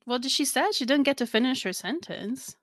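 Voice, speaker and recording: A woman in casual podcast chat, mid-pitched and quick to giggle. She drops into little acted-out quotes from the story as she talks. The sound is dry and close. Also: lively intonation, a bit bright, dry recording. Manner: giggly, acts out characters' lines in quotes. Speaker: podcast co-host. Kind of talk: casual chat recapping a TV episode.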